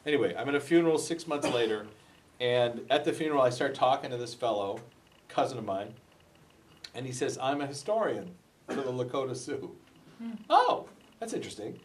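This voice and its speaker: A man's voice: medium pitch, lively intonation, fairly quick, long pauses. Guy telling a story to a room, acts out the dialogue, recorded kinda far off. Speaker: speaker giving a book talk. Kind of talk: storytelling talk to a group. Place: meeting room before a live group. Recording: voice from far off the mic.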